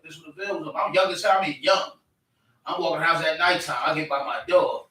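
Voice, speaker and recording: A man chatting casually and telling an animated story, acting out voices with bursts of shouting. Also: fairly high pitch, fast. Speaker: podcast co-host. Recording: echoey room, mic at a distance.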